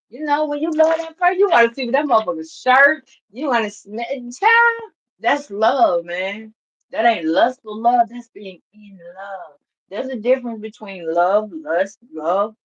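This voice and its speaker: A woman giving a casual spiritual reading, blunt, profane and animated, laughing often. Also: a little high, dull audio. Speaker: tarot reader.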